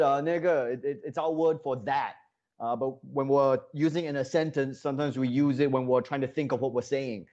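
A man's voice: medium pitch, warm tone, lo-fi sound. A man doing comedic sketch banter as a correspondent, mock-indignant and heated, with lots of uh fillers.

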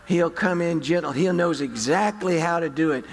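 A middle-aged man preaches in a relaxed, folksy way, telling stories to his congregation. His voice has a gravelly edge. The sound rings with the long reverb of a church hall. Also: fairly high pitch, moderate pace. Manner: conversational storytelling, folksy. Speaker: pastor. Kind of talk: sermon. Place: church sanctuary.

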